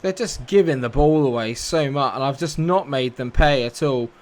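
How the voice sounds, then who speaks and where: A man commentating his own football video game as he plays, swinging from loud excited outbursts to muttered low asides. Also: normal speed, very noisy. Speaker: gaming YouTuber.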